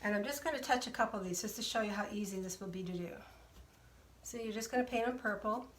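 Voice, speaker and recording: A woman's voice: medium pitch, fast talker, reverberant, recorded from a distance, slight background noise. A woman hosting a live craft tutorial, talking viewers through each step in a chatty way and greeting them by name. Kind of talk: casual live craft demonstration.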